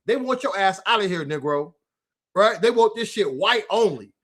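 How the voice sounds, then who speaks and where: Speaking at a moderate pace, a US political livestreamer with a high-sitting, expressive, somewhat bright voice goes on a heated, profane rant. He singles out a rival by name and talks to him directly even though the man is absent.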